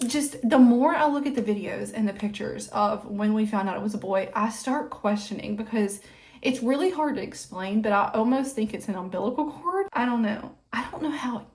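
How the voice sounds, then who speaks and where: A woman's voice: on the high side, lively intonation, moderate pace, a little mellow. A young adult woman chatting casually while getting ready, rambling with lots of "like", a little out of breath. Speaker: vlogger. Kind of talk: casual get-ready-with-me chat.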